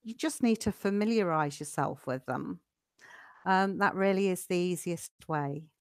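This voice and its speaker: A woman teaching a live online English lesson, chatty and patient, slowing down so learners can follow. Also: lowish voice, clean tone, dry recording, clean studio sound.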